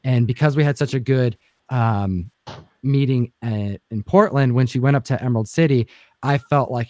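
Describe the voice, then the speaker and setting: A man's voice: mid-range voice, moderate pace, warm tone, dry recording. A man hosting a casual comic book livestream chat, telling a long story with many fillers and restarts. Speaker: comic book channel host.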